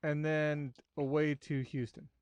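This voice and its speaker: Wry man hosting, slightly high voice. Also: flat delivery, a little mellow, clean tone, no room sound. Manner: wry, ribbing, brisk. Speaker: podcast host running the segment. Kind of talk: casual sports podcast banter.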